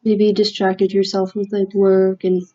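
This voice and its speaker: A woman gives a casual tarot reading in an unhurried, searching way, full of "um"s and restarts. Her voice is soft and mellow, and she sounds earnest and close to emotion. The recording is a little muffled and lo-fi. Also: mid-range voice, completely flat delivery. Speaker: tarot reader.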